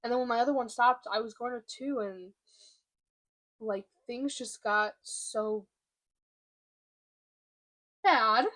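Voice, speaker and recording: A young woman in a confessional vlog, speaking candidly and haltingly while holding back emotion. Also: on the high side, fairly bright tone. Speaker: vlogger. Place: room by a window, at home.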